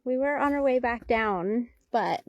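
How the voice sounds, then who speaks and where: Breathless high-voiced woman on a hike. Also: animated, a little slow, dry recording, muffled recording. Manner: breathless, chatty, baby talk to her dogs. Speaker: dog owner vlogger. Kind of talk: casual live-stream chat. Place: mountain trail outdoors. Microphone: phone held selfie style.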